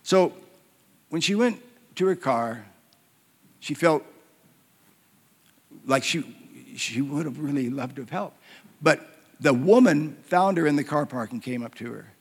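A man preaching a sermon, telling stories that swing from hushed near-whispers to loud, emphatic declarations. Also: a little high, expressive, measured pace, long pauses, slightly rough. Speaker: pastor. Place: church hall. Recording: long hall reverb.

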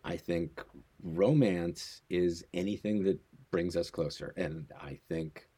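A man's voice: low voice, slow pace, mellow, breathy edge. A middle-aged man from the United States, co-hosting a podcast in a laid-back, playful way and laughing often. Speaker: podcast co-host. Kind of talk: casual chat.

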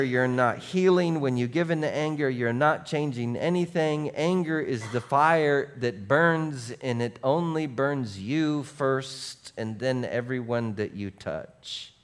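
A man preaching a sermon as pastor, animated, going from soft asides to shouts and acting out what people say. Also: mid-range voice. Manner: animated, swings between soft and shouting, acts out quotes.

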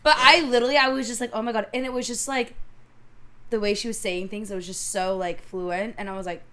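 Young woman, podcast co-host, animated storyteller, casual and profane. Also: mid-range voice, a little fast, slight background noise. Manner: animated storyteller, laughs and swears often. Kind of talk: casual chat.

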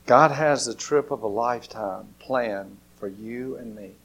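A man preaching a storytelling sermon, swinging between loud bursts and hushed, near-whispered lines. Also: mid-range voice, measured pace, slightly rough.

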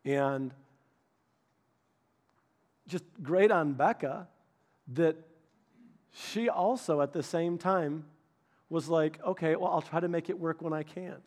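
A middle-aged man preaching from the pulpit with a fairly high voice. He tells his stories with lively humor, often stopping and restarting mid-sentence. His tone stays conversational, as if chatting with his congregation. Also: takes it slowly, pauses often. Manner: animated personal storytelling with restarts and humor. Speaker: pastor. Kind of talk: sermon.

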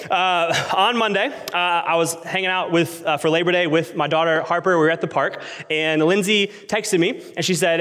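A man in his thirties preaching a sermon, telling a story with animated swings from loud excitement to quiet intensity. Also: on the high side, brisk, hardly any pauses. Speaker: pastor. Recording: long hall reverb.

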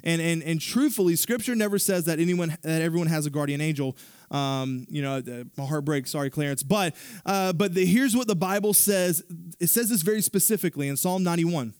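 A male pastor with a fairly high voice, preaching in an animated, conversational way. He retells the story loosely and throws in asides to the church. The sound is dry and close. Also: brisk, smooth, no room sound. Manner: animated storytelling preacher, paraphrasing casually with fillers. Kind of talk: sermon.

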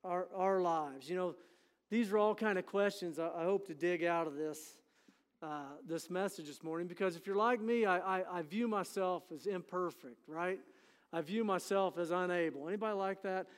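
A man's voice: high voice, normal speed, smooth, long reverb tail. A middle-aged man preaching a sermon as pastor, folksy and conversational, often asking for an amen. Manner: conversational and folksy, frequent "you know" and "amen". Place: church sanctuary.

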